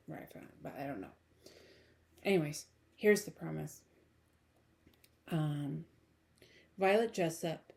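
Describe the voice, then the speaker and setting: A woman with a raspy morning voice giving a casual book review, rambling with lots of ums and restarts. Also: lowish voice, darkish tone.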